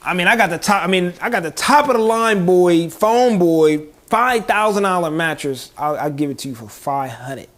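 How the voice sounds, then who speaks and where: A man's voice: high voice, expressive, moderate pace, few pauses, a bit bright. A young man co-hosting a podcast, telling a story in casual slang and laughing often. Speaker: podcast co-host.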